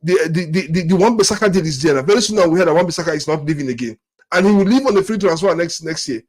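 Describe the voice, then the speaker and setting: A man's voice: a little high, quick pace, a little mellow. Exasperated man ranting, stammering repeats. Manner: repetitive, stammering restarts, exasperated rhetorical questions. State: angry and disappointed. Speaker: football fan channel host. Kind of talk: frustrated fan rant to camera.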